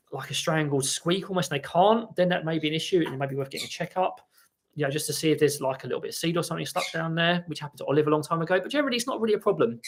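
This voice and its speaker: A man with a somewhat high voice, roughened by a gravelly fry, chats casually on a live stream from home. He rambles loosely through viewer questions and drops soft asides to his pet parrots. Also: a little hiss or hum.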